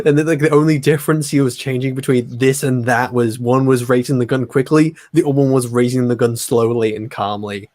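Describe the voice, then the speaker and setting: A man's voice: mid-range voice, fairly even intonation, brisk, hardly any pauses, darkish tone. A man co-hosting a stream, chatting casually with amused, salty remarks. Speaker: stream co-host. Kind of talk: casual chat.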